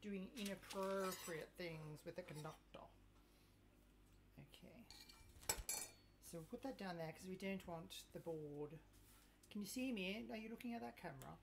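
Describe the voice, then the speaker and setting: A woman's voice: lowish voice, unhurried, vocal fry, long pauses, noisy background. A woman hosting a casual live cooking stream, chatting and joking with viewers in a self-mocking way. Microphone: clip mic, sometimes moved.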